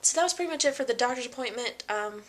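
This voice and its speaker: A woman's voice: a little high, animated, fast. A young woman talking casually in a pregnancy vlog, chatty and full of fillers, often acting out what people said. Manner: chatty, many fillers and quoted voices. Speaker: vlogger.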